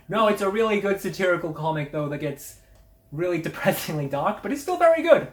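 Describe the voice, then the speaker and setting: A woman's voice: on the low side, animated, fairly quick. A woman hosting a casual media review, blunt, sardonic and full of swearing. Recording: roomy echo.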